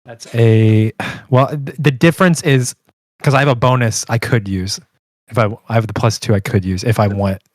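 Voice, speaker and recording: A man playing a tabletop game, quick and hesitant, thinking aloud about his roll. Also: mid-range voice, no room sound. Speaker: player. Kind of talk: casual tabletop play.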